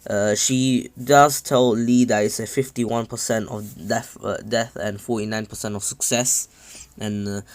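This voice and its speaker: A man casually recapping a fan-made story, rambling with many fillers and self-corrections. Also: on the low side.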